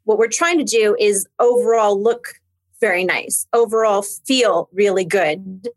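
A woman's voice: mid-range voice, unhurried. A woman co-hosting an interview who sums up the discussion in a thoughtful, reflective way. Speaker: co-host. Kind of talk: conversational interview.

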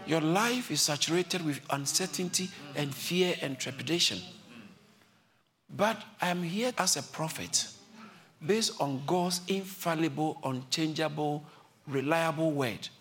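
A man preaching a sermon with passion, repeating his lines and climbing to high shouts, with a congregation answering him. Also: a little slow. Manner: impassioned, repeats phrases, builds to high shouts. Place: church service. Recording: live congregation audible.

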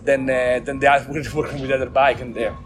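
An Italian man, a team manager, speaking in halting, broken English with many restarts and frequent laughs in a post-race interview. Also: mid-range voice, level tone, music in the background.

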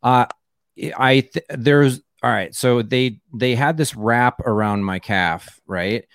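A man's voice: medium pitch, slow pace, fairly bright tone, smooth, dry recording, studio quality. A man, a comedian guest on a casual podcast, rambling, full of "like" and restarts.

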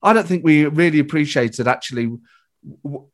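A British comedian telling an anecdote in casual chat, animated and shifting between loud and hushed. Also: male voice, fairly high pitch, normal speed. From Britain. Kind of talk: casual storytelling.

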